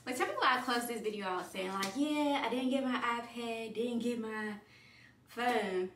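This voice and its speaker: A woman's voice: fairly high pitch, moderate pace, recorded from a distance. A woman vlogger chatting casually and rambling through her week, telling stories with a lilt. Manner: chatty, rambling, animated storytelling. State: out of breath. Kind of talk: casual vlog chat. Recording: echoey room, voice off-mic, faint hiss.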